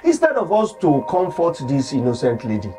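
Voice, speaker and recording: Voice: mid-range voice, wildly swooping pitch, moderate pace, music in the background. An actor with a Nigerian Pidgin accent playing a relative who indignantly pleads on behalf of a grieving widow. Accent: Nigerian Pidgin English. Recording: film score under the dialogue.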